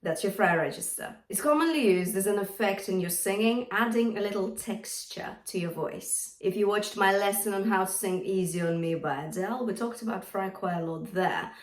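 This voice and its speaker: A woman's voice: mid-range voice, moderate pace, hardly any pauses, recorded from a distance. Woman teaching singing in an echoey room. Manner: clear, encouraging instruction. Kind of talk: vocal lesson with sung demonstrations.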